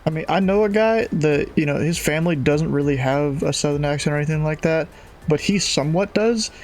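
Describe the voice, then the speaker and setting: Laid-back slangy man, slightly high voice. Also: fairly quick, soft background music. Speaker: streamer flying online as pilot. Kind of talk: casual chat and pilot radio calls.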